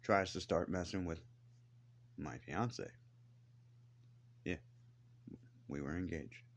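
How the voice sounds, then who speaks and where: Speaking slowly in a low voice, this vlogger delivers an angry rant straight to the camera. His grievances come out blunt, defiant, and thick with swearing.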